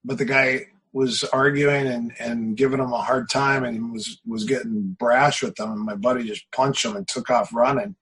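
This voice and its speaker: Middle-aged male coach, husky voice, lively storyteller who repeats himself for emphasis. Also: medium pitch, moderate pace, hardly any pauses, low-quality recording. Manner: animated, repeats phrases for emphasis, tells anecdotes. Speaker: martial arts coach. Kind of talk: casual interview talk.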